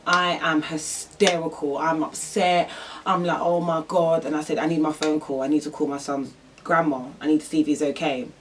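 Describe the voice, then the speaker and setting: A woman's voice: deep voice, little pitch movement, normal speed, distant mic, a little hiss or hum. A young woman telling a personal story in a vlog, rambling and emotional with lots of fillers. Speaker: vlogger.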